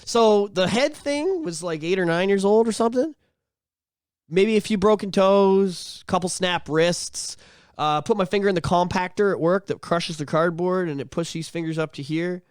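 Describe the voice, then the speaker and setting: Man, high voice, profane animated storytelling, dry studio mic. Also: moderate pace, clean tone, no room sound. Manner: animated, profane, breaks into shouted bits. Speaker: podcast co-host. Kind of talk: crude casual storytelling.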